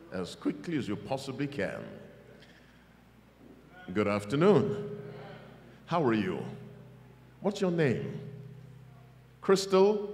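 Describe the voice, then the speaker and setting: A man's voice: mid-range voice, big-room sound, a little hiss or hum. A man preaching a revival sermon to a congregation, emphatic and calling for their responses. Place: church hall.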